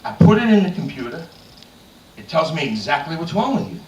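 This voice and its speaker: A man voicing a matter-of-fact male doctor in a stand-up bit, talking briskly and in a businesslike way, heard from a distant mic in an echoey room. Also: fairly high pitch, big pitch swings, a little mellow, a little hiss or hum.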